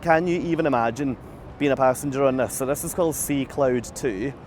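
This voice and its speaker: A man in a middle-pitched voice chats through a live phone vlog outdoors on a ship's top deck. He talks casually, laughs often, and is slightly out of breath. Faint wind and ship noise sit behind him. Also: fairly quick, darkish tone. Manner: chatty, self-deprecating, laughs often, many restarts. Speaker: cruise vlogger. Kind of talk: live-streamed walking vlog, answering viewer comments. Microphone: phone camera held at arm's length.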